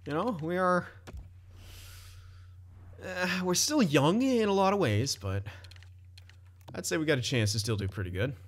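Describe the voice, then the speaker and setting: A man's voice: on the high side, sing-song, unhurried, pauses often. A young man casually commenting on his own hockey game, chatty, often laughing and swearing loosely. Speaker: gaming commentator.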